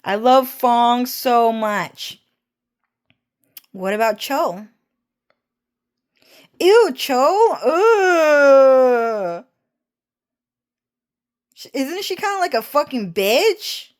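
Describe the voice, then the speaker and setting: A shrill, catty young woman, shrieks insults and curse words in a high, strained voice. She gushes over one friend and sneers at another. Her pitch jumps far above the narrator's own voice. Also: expressive, very slow, long pauses, exaggerated voice. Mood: shrill mocking. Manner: shrieking, cursing, gushing then sneering.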